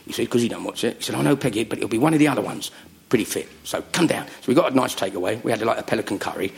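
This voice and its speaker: A middle-aged man telling comic stories to a live audience, animated and full of jokes and voices. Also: on the low side, rapid-fire, vocal fry. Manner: animated joke-telling, does voices and laughs. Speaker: comedian guest.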